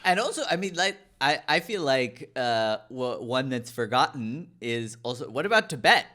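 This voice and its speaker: A man's voice: medium pitch, big pitch swings, sharp tone. An American man hosting a podcast, chatting casually and joking. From United States. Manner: joking, quick, self-deprecating. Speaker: podcast host.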